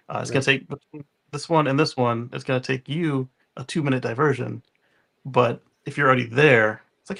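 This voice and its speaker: A man's voice: mid-range voice, a little fast, gravelly, fairly bright tone. A man co-hosting a podcast, chatting casually and rambling with many restarts. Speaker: podcast co-host. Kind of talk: casual panel chat.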